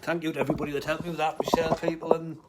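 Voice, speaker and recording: A man chatting casually on a live stream, rambling, joking and swearing, muttering asides and then loudly greeting viewers. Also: a little high, little pitch movement, very fast, very noisy.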